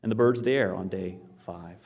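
A low, slightly rough male voice, moving a little fast, carries this Bible-teaching sermon. He quotes scripture aloud, tells stories with animation, and answers the very questions he puts to his audience.

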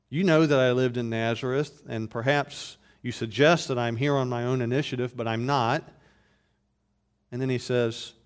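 A man preaching an expository sermon, building from steady explanation to loud emphatic bursts, with frequent restarts. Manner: rises to loud emphatic bursts, then drops low and slow; repeats words in restarts. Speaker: pastor.

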